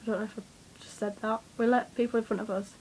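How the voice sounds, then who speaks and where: A young woman tells a story straight to her camera in a rambling, excitable way. Her voice sits a little high, and she swears casually and fills her pauses with ums and likes. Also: a little hiss or hum, poor audio. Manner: rambling, excitable, swears freely, many fillers. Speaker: vlogger.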